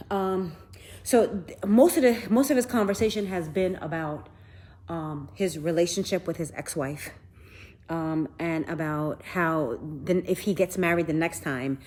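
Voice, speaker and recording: A woman's voice: fairly low pitch, a little slow, a little mellow. A woman in her fifties filming a live tour of a large house on her handheld phone, talking bluntly and profanely to her viewers. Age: 50s. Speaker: vlogger.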